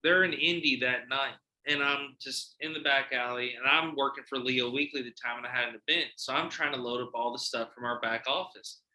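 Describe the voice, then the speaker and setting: A man hosting a casual podcast, telling animated, profane stories and acting out the quotes. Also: medium pitch, fairly quick, few pauses, roomy sound, low-quality recording. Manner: animated, profane storyteller who acts out quotes. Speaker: podcast host. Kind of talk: casual podcast chat, storytelling.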